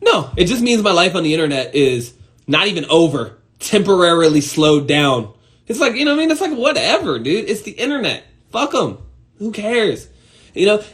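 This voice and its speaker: Young male streamer, fairly high voice, loose profane pep talk with sudden loud bursts. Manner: animated and profane, swings between loud outbursts and low muttering. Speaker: host of an Instagram live stream. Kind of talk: casual motivational monologue.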